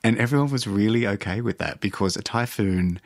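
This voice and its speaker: A man's voice: lowish voice, fairly quick. A man, telling stories animatedly and mocking himself as an interview guest. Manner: animated, self-mocking, laughing often. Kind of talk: interview storytelling.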